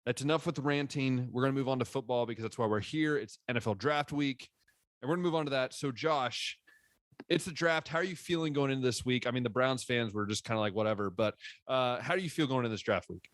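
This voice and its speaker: A man's voice: medium pitch, fast talker, no echo. Man ranting on a sports podcast. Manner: animated, ranting with frequent restarts. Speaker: podcast co-host. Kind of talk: casual sports chat.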